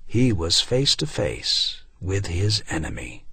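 A man narrating an audiobook in a measured reading. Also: sits low, big pitch swings, vocal fry, pushed and bright, breathy edge, dry recording. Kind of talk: scripted narration.

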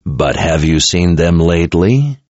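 A man voicing a threatening male emperor who speaks through a possessed young soldier, in a deep, gravelly voice. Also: animated, darkish tone, dry recording. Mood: menacing. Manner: slow, threatening, enraged at times. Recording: dull lo-fi recording.

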